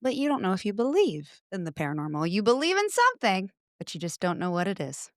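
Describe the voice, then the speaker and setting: A woman's voice: medium pitch, big pitch swings, fast, dry recording, clean studio sound. A woman from the United States, hosting a casual chat with a playful, teasing manner. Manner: playful, teasing, laughs often. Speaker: podcast host.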